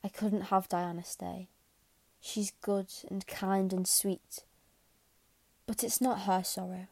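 A woman's voice: mid-range voice, level tone, takes it slowly, vocal fry, a little mellow, no room sound. Woman reading as a grieving orphan girl. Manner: pleading, tearful.

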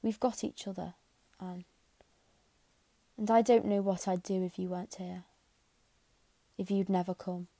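A woman voicing a stern, reserved older woman who speaks haltingly and with restraint. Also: medium pitch, steady tone, warm tone, no echo. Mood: tender.

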